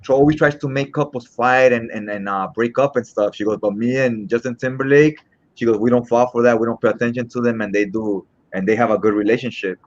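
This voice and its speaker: Over dull lo-fi audio, a fast-talking man with a mid-range voice tells lively stories as a casual podcast co-host. He acts out the quotes as he goes.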